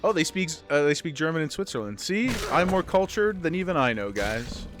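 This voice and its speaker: A man's voice: on the high side, sing-song, brisk, over music. A man livestreaming a game, chatting casually with his viewers in a rambling way and often restarting his sentences. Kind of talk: casual chat with viewers while gaming.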